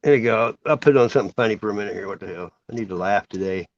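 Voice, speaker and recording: A man's voice: fairly low pitch, very fast, vocal fry. A man hosting a casual chat, laid-back and rambling. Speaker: host. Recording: dry dull lo-fi sound.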